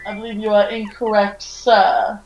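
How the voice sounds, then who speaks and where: A woman's voice: medium pitch, level tone, normal speed, a little mellow, muffled recording, soft background music. A young woman co-hosting a game playthrough, bantering casually and laughing often. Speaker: co-host of a gameplay video. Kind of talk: casual gaming commentary.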